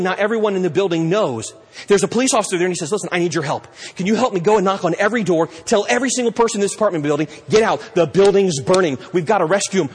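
A middle-aged male pastor preaches with pleading passion, stopping to act out little scenes. His voice sits fairly high and has a husky edge. A long reverb trails his words, as in a large church hall. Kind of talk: sermon.

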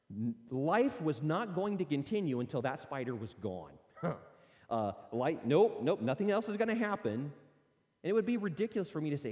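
Earnest man teaching parents, lively pitch. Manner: earnest, conversational, acts out parent and child quotes. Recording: long reverb.

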